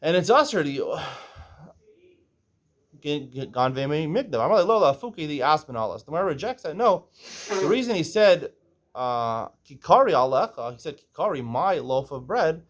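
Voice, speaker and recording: A man teaching a casual Talmud lesson. He reads Aramaic phrases aloud, translates them, and explains each step, often checking in with "right?". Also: on the high side.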